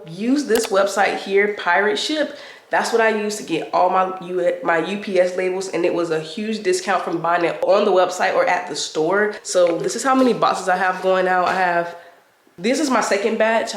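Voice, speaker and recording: Woman vlogger, mid-pitched and stuffy from a cold, chatting upbeat to her camera indoors over a faint hum. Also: normal speed. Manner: chatty, upbeat, talks straight to viewers. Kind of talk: casual vlog chat to camera. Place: indoors in a room at home. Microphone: compact camera mic.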